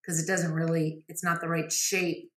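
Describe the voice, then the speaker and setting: A woman's voice: deep voice, little pitch movement, normal speed. A woman playing in a mystery game, thinking aloud in casual chat. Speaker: player. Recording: roomy echo.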